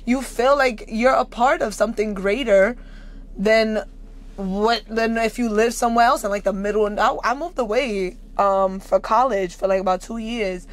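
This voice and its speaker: A woman with a New York accent, her voice sitting a bit high for a woman. She talks bluntly and brashly, laughing easily and swearing freely as she chats as a guest actor. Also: normal speed. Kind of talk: casual chat.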